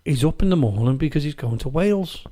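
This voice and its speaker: A man's voice: a little high, fast. A man hosting a podcast, telling an anecdote in casual chat and acting out what people said. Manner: animated anecdote-teller, acts out quoted voices, laughs easily. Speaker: podcast host. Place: studio.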